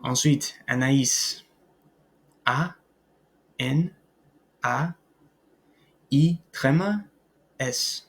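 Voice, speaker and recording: A man's voice: mid-range voice, extremely slow, creaky, pauses often, a bit bright. A man teaching a recorded French language lesson, hesitant with many ums and uhs, spelling out words letter by letter.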